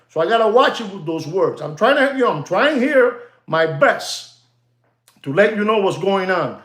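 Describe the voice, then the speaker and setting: A man hosting a watch market show, talking in a rambling, excitable way and often calling out to ladies and gentlemen. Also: high-pitched, normal speed, echoey room. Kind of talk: rambling market commentary monologue.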